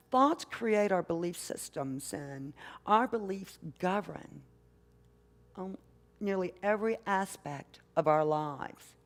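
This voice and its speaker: An older woman minister delivers a sermon, her speech slow and deliberate, her pitch a little low. She tells stories to the congregation and keeps checking in with them through rhetorical questions. Her voice carries a long hall reverb from the church sanctuary. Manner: unhurried, conversational, asks the congregation questions. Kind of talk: sermon with storytelling.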